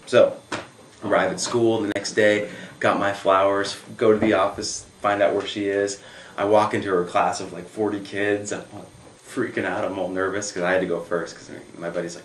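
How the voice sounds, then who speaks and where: Low-voiced young man telling stories. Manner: animated, filler-heavy storytelling. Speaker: camp counselor. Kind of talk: casual storytelling interview. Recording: echoey room with faint noise.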